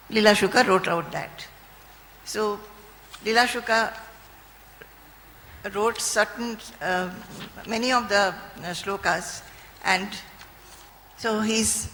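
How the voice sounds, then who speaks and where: A woman's voice: mid-range voice, a bit bright, slight background noise. A woman, a spiritual teacher telling a scripture story and chanting verses, recorded in a reverberant hall. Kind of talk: devotional scripture discourse.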